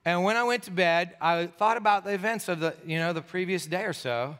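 In an echoey church sanctuary, a middle-aged pastor from Pennsylvania tells a story during his sermon, tired after a sleepless night. His high-pitched voice is clean and a little fast, and he animatedly acts out the people in his tale.

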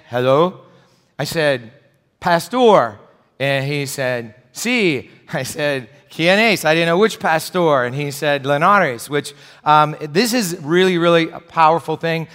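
A male pastor preaching in a relaxed, conversational way, with slightly high pitch for a man. His words stumble now and then into fillers and restarts. The sound rings with the long reverb of a church hall. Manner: conversational, with fillers and self-corrections. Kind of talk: sermon. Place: church sanctuary.

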